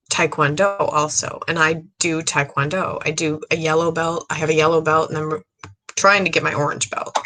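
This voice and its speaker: Woman, psychic medium, earnest rambling delivery, tired, slightly low pitch. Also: pushed and bright. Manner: rambling, earnest, many fillers and restarts. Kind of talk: casual monologue to camera.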